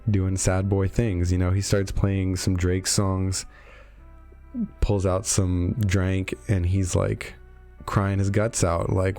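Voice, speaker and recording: Flat in delivery, slow, low and dark in tone, this man casually sums up a game's story for his video. He's a lore-review host who leans on sarcastic, wry jokes and lots of fillers, and faint music plays in the background.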